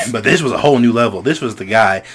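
A young man co-hosting a casual podcast chat, telling animated stories and acting out the voices of the people in them. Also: mid-range voice, a little fast, crowd noise. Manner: animated storyteller, acts out quoted voices. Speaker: podcast co-host.

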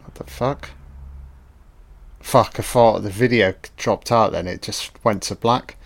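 A man giving a casual, profane audio commentary on a film, reacting excitedly as he watches. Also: fairly low pitch, a little slow, vocal fry, dry recording.

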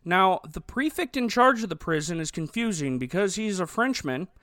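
A man's voice: high voice, lively intonation, moderate pace, bright, forceful tone, no echo, studio quality. A man co-hosting a podcast, reviewing a movie in a sarcastic, joking way. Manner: sarcastic, joking, often laughing. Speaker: podcast co-host. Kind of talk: casual movie-review chat.

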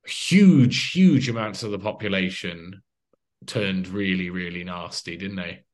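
Male interviewer, low voice, animated anecdotal delivery. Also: measured pace. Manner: animated storytelling, acts out quotes. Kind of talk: casual conversational interview.

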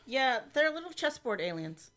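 Woman, casual podcast chat, slightly high voice, bright tone, sarcastic asides. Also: big pitch swings, normal speed. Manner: wry sarcastic asides and short agreeing interjections. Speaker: podcast co-host.

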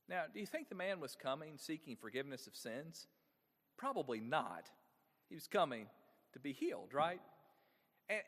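Male pastor, high-pitched and animated, asks the room questions; big church reverb. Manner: engaging, asks the congregation frequent rhetorical questions. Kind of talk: sermon.

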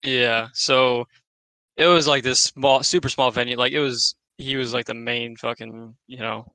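A man's voice: medium pitch, steady tone, measured pace, pushed and bright, smooth, dry recording, low-quality recording. A man co-hosting a podcast, telling a story in laid-back, profane casual chat. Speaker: podcast co-host.

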